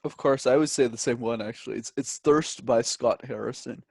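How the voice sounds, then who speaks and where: A man from Canada, a guest telling stories in a casual interview, animated and joking. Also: medium pitch, moderate pace, vocal fry, slightly rough, no echo. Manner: animated storyteller, jokey.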